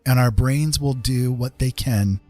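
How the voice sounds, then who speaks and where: A man hosting a casual live-stream chat, earnest and reassuring, talking haltingly with many fillers and restarts. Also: medium pitch, warm tone, faint music behind. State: getting a little emotional.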